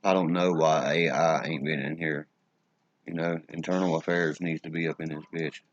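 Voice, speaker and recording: Profane West Virginia streamer, very low voice, casual rant to his chat; dry room, lo-fi audio. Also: steady tone, moderate pace, no room sound. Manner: profane and ranting. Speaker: livestream host. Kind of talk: casual livestream chat, reading the chat.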